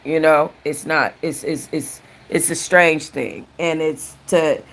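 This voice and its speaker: Her voice sits low, with fairly even intonation and a slow pace. As host of a book channel's relaxed live stream, she chats freely, keeps starting sentences over, and breaks off to thank viewers partway through.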